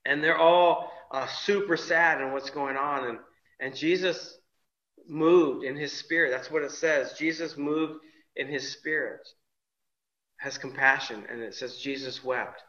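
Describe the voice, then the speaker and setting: A man delivers a sermon as a pastor, his slightly high voice bright and forceful. He talks in a loose, conversational way, stumbling into restarts and fillers. The recording is roomy with echo and sounds dull and lo-fi. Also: measured pace. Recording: echoey room, dull lo-fi sound.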